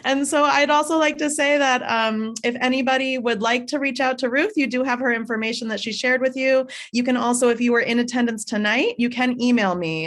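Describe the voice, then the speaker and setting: A woman hosting an online talk, thanking her guest graciously with soft fillers, over a video call. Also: a little high. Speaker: program host. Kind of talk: hosted online talk closing.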